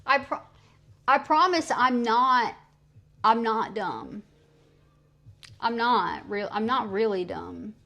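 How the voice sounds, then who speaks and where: A woman's voice: fairly high pitch, slow pace, creaky, long pauses, highs cut off. A young woman streaming live, chatting casually and laughing at her own mistakes while she practices French phrases. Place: at home streaming. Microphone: streaming mic.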